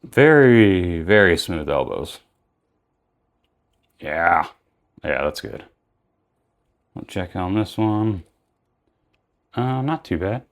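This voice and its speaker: Deep-voiced young man reviewing toys. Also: very animated, very slow, pauses often. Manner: rambling, self-correcting. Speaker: action figure reviewer. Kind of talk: casual unboxing commentary.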